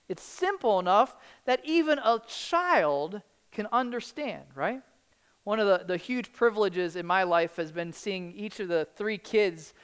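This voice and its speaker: A woman's voice: mid-range voice, clean tone. A middle-aged woman preaching a sermon in an earnest, conversational way, often saying "like". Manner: earnest, conversational, many "like" fillers.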